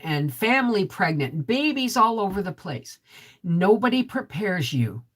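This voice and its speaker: A middle-aged woman with a deep, resonant voice, hosting a casual vlog live stream. She chats straight to viewers, reads their comments and keeps asking "right?". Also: husky. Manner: chatty, talks straight to viewers with frequent "right?". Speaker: homesteading vlog host.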